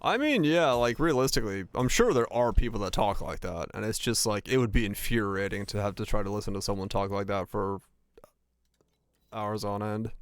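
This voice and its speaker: A man's voice: lowish voice, moderate pace, clear, resonant tone, no echo. Rambling, profane young man streaming. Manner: rambling and profane, with frequent stammered restarts. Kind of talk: casual chat while gaming, reading chat.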